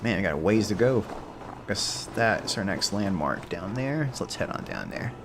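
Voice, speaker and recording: Deep-voiced man streaming a game. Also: animated, moderate pace, noisy background. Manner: chatty, rambles into history asides. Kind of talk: casual gameplay commentary. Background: game music.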